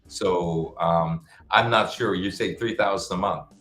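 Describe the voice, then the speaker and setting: A man with a very low, deep voice talks casually through a live-stream Q&A, giving frank advice and often restarting his sentences. He sounds like he is in a roomy, echoey space, with faint music playing underneath. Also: unhurried, fairly bright tone. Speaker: show host. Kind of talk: live-stream Q&A, answering viewer questions.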